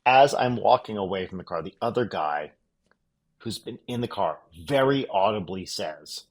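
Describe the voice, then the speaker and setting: A man with a very low, deep voice tells a tour story on a podcast. His delivery is dry and wry, with casual swearing tossed in. It sounds like relaxed, unscripted chat between co-hosts. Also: moderate pace. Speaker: podcast co-host.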